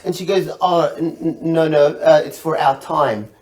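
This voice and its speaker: A man from Egypt telling a comic story on a panel, animated, acting out the people in it and laughing through his lines. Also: fairly high pitch, moderate pace, far from the mic, rough recording. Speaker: comedian guest.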